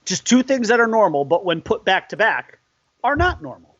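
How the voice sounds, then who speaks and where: A man co-hosting a casual live stream, excitable and quick to laugh, often trailing off mid-sentence. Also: sits high, dry recording. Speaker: co-host of a live stream show. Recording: dull, lo-fi stream audio.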